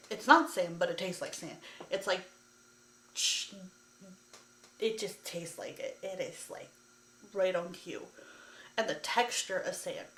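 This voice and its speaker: A woman's voice: medium pitch, fairly bright tone, slight background noise. Exasperated woman vlogger in an echoey room. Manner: exasperated, ranting retelling with many "like" fillers. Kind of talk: casual storytelling to camera.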